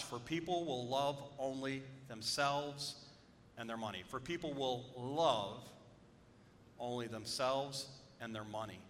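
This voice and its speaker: A man preaching a sermon as a pastor, conversational and joking, calling out to his congregation. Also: sharp tone. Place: church sanctuary. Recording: reverberant hall with faint rumble.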